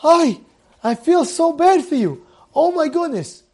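Man playing a beaten tearful worker, plaintive, groaning, very high voice. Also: expressive, slow, a little mellow, exaggerated voice.

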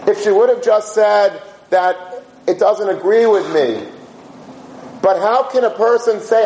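A man's voice: high-pitched, measured pace. Guy teaching a yeshiva crowd, sermon storytelling, lots of rhetorical questions, echoey room. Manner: animated, rhetorical questions, Yiddish and Hebrew terms. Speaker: yeshiva teacher giving a talk. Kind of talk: sermon-style storytelling talk. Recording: roomy echo, faint background hum.

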